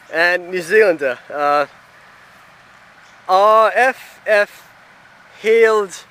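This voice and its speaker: A man on a walking tour of a cemetery, reading out names and inscriptions haltingly with many pauses and fillers. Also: on the high side, fairly bright tone, smooth. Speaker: travel vlogger. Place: outdoor cemetery.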